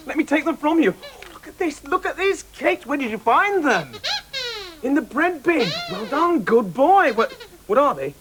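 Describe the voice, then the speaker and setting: A man's voice: extremely high pitch, very animated, moderate pace, crowd noise, rough recording. A man hosting a children's comedy, chatting and coaxing his puppet friends. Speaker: host and puppeteer.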